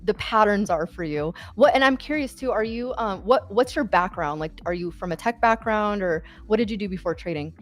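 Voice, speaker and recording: A woman's voice: mid-range voice, brisk, few pauses. A woman hosts a live trading stream with an upbeat, chatty manner. Her mid-range voice wanders through fillers and restarts as she shapes each question. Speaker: host.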